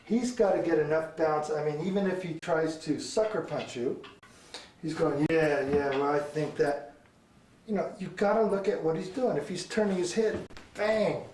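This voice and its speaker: A martial arts instructor talks through a demonstration in a fairly high voice, bursting out with sharp sound effects to mark each strike. He is picked up from a distance, and the roomy space gives his voice a clear echo. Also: normal speed, a little hiss or hum. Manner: animated, punctuates with sound effects like "boom" and "bang". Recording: echoey room, mic far off.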